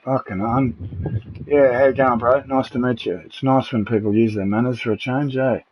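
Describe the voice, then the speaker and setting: A man's voice: medium pitch, fairly even intonation, moderate pace, a little mellow, husky. A middle-aged Australian man chatting on a live game stream, blunt and aggrieved, swearing freely and calling everyone mate and bro. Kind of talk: casual live-stream chat with party members. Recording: muffled, noisy home streaming mic.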